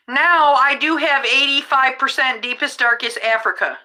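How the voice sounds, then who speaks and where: A middle-aged woman chatting on her podcast with a high, bright voice. She takes her time and wanders from thought to thought, starting sentences over before finishing them. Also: unhurried, rough recording. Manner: rambling, restarts mid-sentence, chatty. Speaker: rideshare driver and podcast host. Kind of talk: casual chat.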